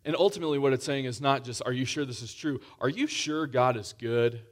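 A man's voice: mid-range voice, brisk. A man preaching a sermon in a conversational way, often restarting phrases and pushing up for emphasis.

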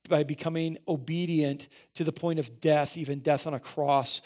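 A man's voice: on the high side, a little mellow. Man preaching a conversational sermon. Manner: conversational preaching with frequent check-ins. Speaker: pastor.

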